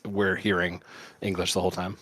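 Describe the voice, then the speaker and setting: A man co-hosting a podcast, giving measured, critical commentary in casual chat. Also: low voice, flat delivery, a bit bright, no echo. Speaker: podcast co-host.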